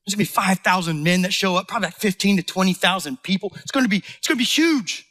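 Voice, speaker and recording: A man's voice: sits high, fast talker, pushed and bright. A man acting out Jesus as a casual, enthusiastic man laying out his plans in slangy talk. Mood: excited.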